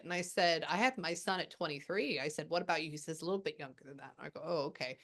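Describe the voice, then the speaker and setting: A woman working as a medium, passing on a spirit's messages in a casual, chatty way with many pauses. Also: on the low side, fairly bright tone. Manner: relays a spirit's words with quick asides and pauses. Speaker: psychic medium. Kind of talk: spirit reading session.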